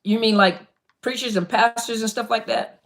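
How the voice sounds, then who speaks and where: A woman's voice: on the high side, steady tone, moderate pace. A woman hosts a live-stream Q&A from her webcam. She talks casually and animatedly to viewers, often repeating "listen" to get their attention. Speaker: online coach on narcissist abuse, live Q&A host.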